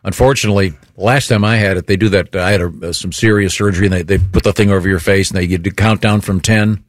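Low-pitched male host, loose rambling chat, dry close mic. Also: fairly even intonation, quick pace, dry recording. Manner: rambling, laughs often. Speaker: radio show host. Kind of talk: casual talk show chat.

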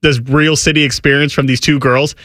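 Man from new york, bright tone, dry close sound, relaxed storytelling. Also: on the high side, brisk, no room sound. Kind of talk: casual chat.

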